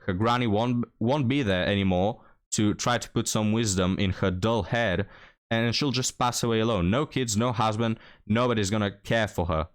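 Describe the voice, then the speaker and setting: A man's voice: fairly low pitch, moderate pace. A man giving scornful, lecturing reaction commentary on a played clip.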